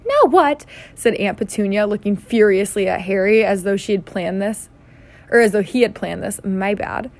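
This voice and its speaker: A woman's voice: medium pitch, steady tone, moderate pace, a little mellow. A woman reading a children's novel aloud in a casual way, with slips and self-corrections. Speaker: reader.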